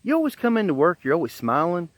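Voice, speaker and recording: A man with a Southern US accent voicing a naive, eager young male coworker who asks puzzled questions in a higher, softer voice. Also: sing-song, fast, dry recording.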